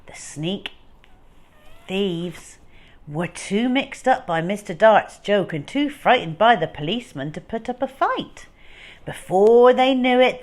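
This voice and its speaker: A woman reading a children's storybook aloud, expressive and unhurried. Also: fairly low pitch.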